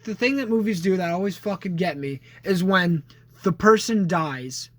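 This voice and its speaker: Young man, podcast co-host, slightly high voice, rambling, swears constantly, restarts his sentences. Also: normal speed, a bit bright, dry recording. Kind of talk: casual chat.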